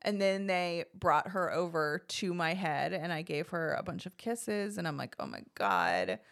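A woman's voice: lowish voice, normal speed, gravelly. Chatty woman telling a personal story. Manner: chatty, animated, acts out quoted voices. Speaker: podcast co-host telling her birth story. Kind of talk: casual conversational storytelling.

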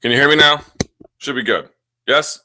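A man's voice: mid-range voice, normal speed, pushed and bright. A man hosting a casual live chat from home, rambling, self-deprecating and often restarting his sentences. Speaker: host of a live chat show. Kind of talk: casual live-stream chat answering viewer questions.

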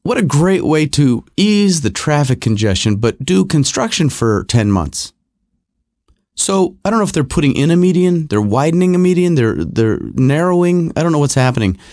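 A man's voice: on the high side, big pitch swings, normal speed, a little mellow, no echo, clean studio sound. A middle-aged man hosting his own podcast from his garage, rambling through a wry, self-deprecating casual monologue. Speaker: podcast host. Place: home garage.

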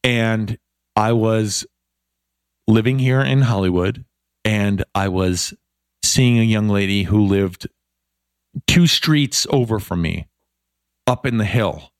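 A middle-aged man, a podcast guest, telling a story in a casual chat, animated and self-deprecating. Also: lowish voice, takes it slowly, long pauses, smooth.

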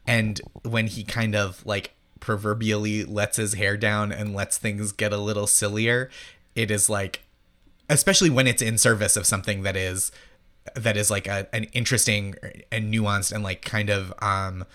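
A man in his thirties from Massachusetts, a comedian guest, telling anecdotes in a chatty, animated way. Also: lowish voice, normal speed. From Massachusetts, United States. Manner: animated storytelling, heavy use of "like". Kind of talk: casual interview chat.

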